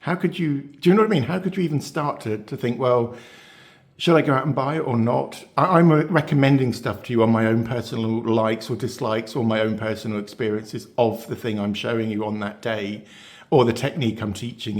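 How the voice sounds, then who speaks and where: A man's voice: medium pitch, fairly even intonation, a little fast. A man hosting his beauty channel, talking casually to viewers with lots of fillers, restarts and rhetorical questions. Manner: chatty, rambling, many fillers and restarts. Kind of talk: casual talk to camera.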